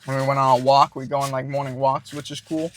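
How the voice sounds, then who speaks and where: A man's voice: medium pitch, flat delivery, fast talker, fairly bright tone, a little hiss or hum. A man co-hosting a casual food review, describing textures and flavors in a thoughtful way.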